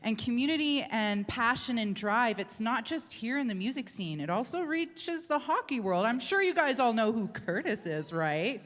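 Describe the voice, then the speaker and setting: A woman's voice: on the high side, sing-song, normal speed, hardly any pauses, fairly bright tone. A woman hosting an awards show on stage, upbeat and chatty as she introduces a guest. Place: large hall at an awards show. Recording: long hall reverb.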